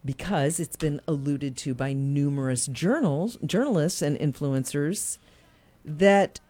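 A woman's voice: low-pitched, unhurried, warm tone. A woman co-hosting a casual political talk show, indignant and emphatic, laughing often. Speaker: co-host.

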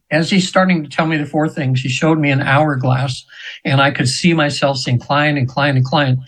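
A man's voice: on the high side, fairly bright tone, low-quality recording. A man in his seventies, a radio show guest, telling a spiritual story in an earnest, meandering way with frequent restarts. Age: 70s.

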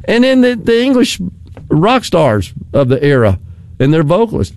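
A man's voice: a little high, huge pitch swings, moderate pace, a little mellow, dry recording. An older man with a Southern American accent, chatting casually, rambling and chuckling as he loses his thread. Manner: rambling, chuckles often, trails off mid-thought. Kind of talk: casual chat.

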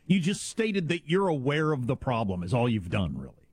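Man, talk radio co-host, wry exasperated storyteller, lively pitch. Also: moderate pace, husky, no room sound, studio quality. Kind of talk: casual radio banter.

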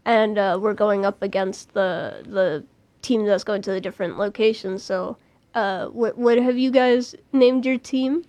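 A woman's voice: medium pitch, measured pace, darkish tone, dry recording. A young woman co-hosting a podcast, chatting casually and rambling with frequent restarts and laughter. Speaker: podcast co-host. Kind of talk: casual chat.

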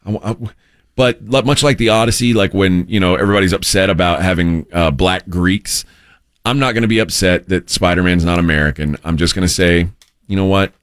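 Low-voiced man rambling in studio banter. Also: brisk, smooth, dry recording. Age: adult, married. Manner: rambling, filler-heavy, joking. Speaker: radio show co-host.

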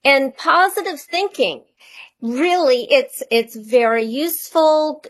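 High-voiced woman, slow and earnest. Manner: earnest, reflective, explains with conviction. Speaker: author and money coach, guest. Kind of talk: radio interview.

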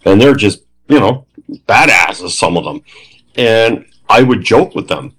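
Middle-aged male guest, low voice, animated storyteller who voices his quotes. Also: unhurried, creaky, slightly rough, poor audio. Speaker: guest, former police trainer. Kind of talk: storytelling in a podcast interview.

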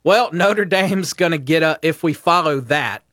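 A man's voice: on the high side, lively intonation, unhurried, a bit bright, no room sound, clean studio sound. A man co-hosting a casual sports talk show, playful and teasing, ribbing his partner. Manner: playful, teasing, jumps into mock voices. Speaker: co-host.

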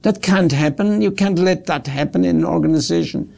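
A man telling a story about customer service in an animated way. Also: on the high side, a little fast, gravelly. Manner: animated, acts out quotes. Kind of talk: storytelling talk.

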